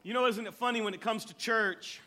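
A man's voice: high voice, steady tone, brisk, sharp tone. A male pastor giving a sermon to his church in an emphatic storytelling style.

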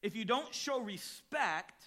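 Male pastor, fairly high, bright voice, dynamic sermon delivery, quiet-to-loud swings. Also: expressive, takes it slowly. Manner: dynamic preaching, swings between quiet and loud emphatic lines; storytelling with acted quotes and chuckles.

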